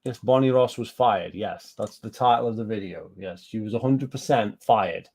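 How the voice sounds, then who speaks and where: A man's voice: on the low side, lively intonation, normal speed, darkish tone. A British man giving casual reaction commentary on gaming news, ranting and swearing, repeating himself and answering live chat.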